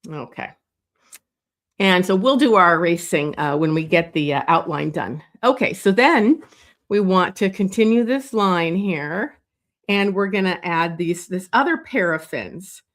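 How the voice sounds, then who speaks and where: A woman leading a live drawing lesson, talking slowly and thinking aloud as she sketches, with many pauses and fillers. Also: lowish voice, animated. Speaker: drawing instructor. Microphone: streaming setup.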